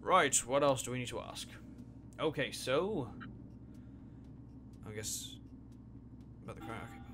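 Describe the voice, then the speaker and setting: A man's voice: mid-range voice, animated, a little slow, a bit bright, slight background noise. A man doing casual let's play commentary, joking and chatty while reading game dialogue aloud.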